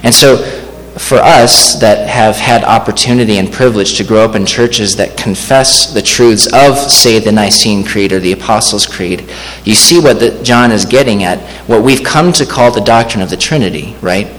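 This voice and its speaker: A man preaching a sermon as pastor, measured and slowing down to read scripture aloud. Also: lowish voice, a bit bright. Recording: long hall reverb, faint ambience.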